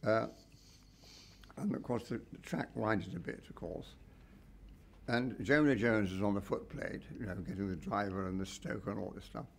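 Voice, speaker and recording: Older male storyteller, gravelly and a touch low, rambling with wry asides. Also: moderate pace, slight background noise. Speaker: documentary cameraman recalling a shoot. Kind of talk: anecdotal reminiscence.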